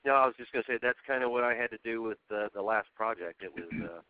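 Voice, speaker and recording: A man interviewing for a job over the phone, earnest and halting, often restarting his sentences. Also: mid-range voice, clear, resonant tone, dry recording. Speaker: job candidate. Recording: tinny phone line.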